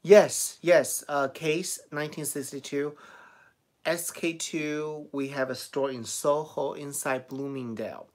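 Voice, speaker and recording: Slow and fairly even in intonation, his voice sits fairly high. He's a middle-aged man with a Chinese accent, a beauty vlogger answering live chat in a casual stream, reading comments aloud, replying, and laughing a lot.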